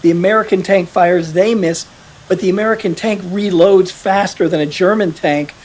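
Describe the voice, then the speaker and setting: A man telling a veteran's story in a casual podcast conversation, animated and quick to quote others. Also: high voice. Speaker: author interviewed about his article.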